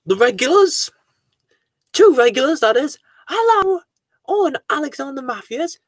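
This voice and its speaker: A host of a live Q&A stream, greeting viewers and reading their comments aloud in an excitable, sing-song way. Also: very high-pitched, moderate pace, dry recording, clean studio sound.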